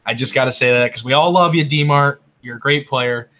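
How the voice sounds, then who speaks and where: A man chatting casually on a gaming podcast, loud and profane, ribbing his friends and laughing at himself. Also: mid-range voice, fairly quick. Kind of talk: casual group chat.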